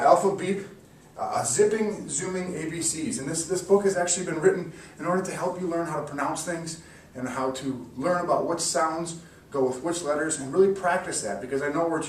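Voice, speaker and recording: A man giving an encouraging mock classroom lesson, slowly sounding out words for students. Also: on the high side. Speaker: teacher. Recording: echoey room, distant mic, faint hiss.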